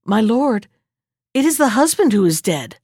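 Storybook chamberlain, formal and respectful, fairly high voice, read by a woman. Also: sing-song, moderate pace, darkish tone, husky, no echo, clean studio sound. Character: dutiful male royal chamberlain.

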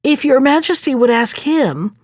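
A woman's voice: sits high, expressive, moderate pace, no room sound, studio quality, voice pushed up. A woman voicing a spiteful, envious young male courtier who talks slyly and wheedles. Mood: wheedling. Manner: sly, wheedling, feigning fear.

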